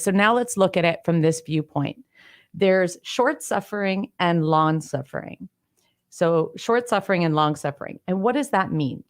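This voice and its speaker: A middle-aged woman coaching on clutter in a solo teaching talk, explaining step by step with everyday examples and acting out quoted lines. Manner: acts out quoted lines with bigger pitch swings. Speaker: decluttering coach.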